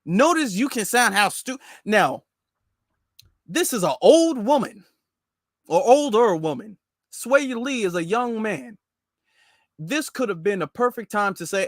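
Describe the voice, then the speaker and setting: A man hosts a political commentary show in a high voice. He is emphatic, repeats himself and talks straight to his viewers. The sound is dry and close, with no room around it. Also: expressive, measured pace, long pauses, no echo. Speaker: commentary channel host. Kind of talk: political commentary, reacting to clips and posts.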